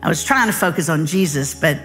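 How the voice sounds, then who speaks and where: A middle-aged woman, preaching a sermon and telling a story in an animated, folksy way. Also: sits low, a little fast, faint music behind. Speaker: guest speaker.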